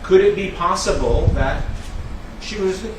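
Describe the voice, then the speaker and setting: A man's voice: high voice, unhurried. A man, an attorney, cross-examining a witness in court with pressing yes-or-no questions. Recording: distant echoey courtroom with noise.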